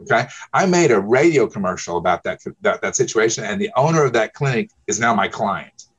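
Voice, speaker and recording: An insurance broker appearing as a guest tells client stories conversationally, speaking emphatically and tacking "okay?" onto his points. His voice is on the low side, brisk and slightly rough, with lively intonation.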